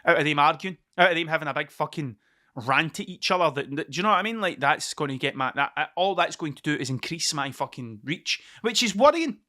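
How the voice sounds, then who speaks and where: Sweary Scottish man, bright voice. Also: on the high side, expressive, fairly quick. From Scotland. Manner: rambling, sweary and digressive. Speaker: podcast host. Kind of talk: casual solo podcast monologue.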